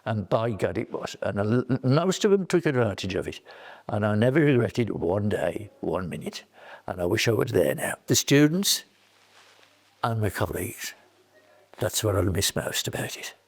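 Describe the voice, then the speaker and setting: A man's voice: lowish voice, lively intonation, moderate pace, vocal fry. An older man, a former college staff member reminiscing in an interview and telling chatty anecdotes.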